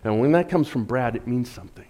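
A man's voice: medium pitch, expressive, fast, slight background noise. Middle-aged man as pastor, conversational sermon, playful asides, big dynamic swings. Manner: conversational preaching with humor and rhetorical questions; dynamic, swinging from loud emphatic to soft.

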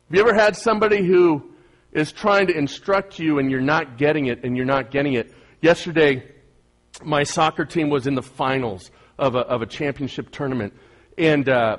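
A middle-aged man preaching a sermon as pastor, earnest and emphatic, often repeating phrases for weight. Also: on the high side.

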